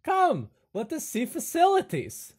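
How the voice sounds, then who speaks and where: A man voicing an eager, fussy hunchbacked librarian with a high, excited put-on voice and broken grammar. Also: measured pace, exaggerated voice.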